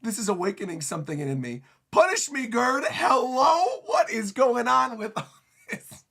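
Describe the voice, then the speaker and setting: A man voicing a giddy, beaten-up giant who fawns and begs in a high, drawn-out, swooning delivery. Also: animated, slightly rough.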